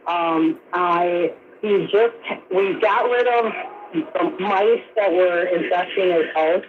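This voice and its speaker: A woman's voice: on the low side, takes it slowly. An older woman calls into a radio show, hesitant and a bit scattered, with plenty of fillers. She sounds thin and tinny over the phone line. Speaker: caller. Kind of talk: radio call-in.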